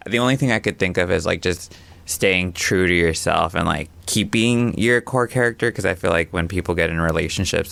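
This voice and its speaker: A man's voice: deep voice, vocal fry, a bit bright. A man co-hosting a casual podcast, easygoing, laughing often and saying "like" a lot.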